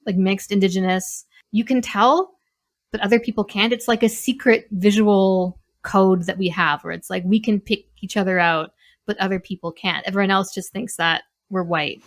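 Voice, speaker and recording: A woman hosting a podcast, chatting candidly with a guest in a relaxed interview and laughing easily. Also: mid-range voice, moderate pace. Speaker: podcast host. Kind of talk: casual interview chat.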